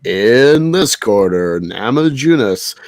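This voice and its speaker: A bombastic ring announcer, as a man puts him on, dragging every word out slowly. The voice booms and carries loudly. The delivery is dry and close. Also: lively intonation, no echo. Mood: booming. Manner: slow, drawn-out, booming delivery. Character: bombastic male fight announcer.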